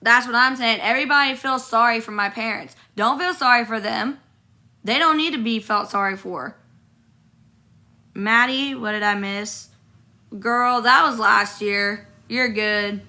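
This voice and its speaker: Talking directly into her phone from a hotel room, a sick, hoarse young woman vents casually on a livestream while answering the comment feed. Her fairly high voice is bright and forceful yet unhurried, and she moves bluntly and profanely from one complaint to another.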